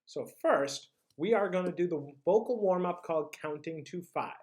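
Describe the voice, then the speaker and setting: Drama teacher leading vocal warm-ups. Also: medium pitch, lively intonation, moderate pace. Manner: leads vocal warm-ups and tongue twisters. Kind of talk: drama class lesson.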